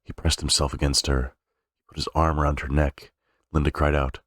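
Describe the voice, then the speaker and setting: A man with an extremely deep voice sight-reads a novel aloud. He halts now and then, fixing slips and restarting phrases. The recording is dry and close. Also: flat delivery, moderate pace, a bit bright, dry recording. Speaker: reader. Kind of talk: unrehearsed novel reading.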